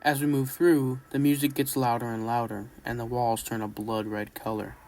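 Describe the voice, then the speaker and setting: A man's voice: mid-range voice, level tone, normal speed, darkish tone. Man narrating a horror game playthrough. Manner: casual, enthusiastic narration. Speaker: gaming YouTuber.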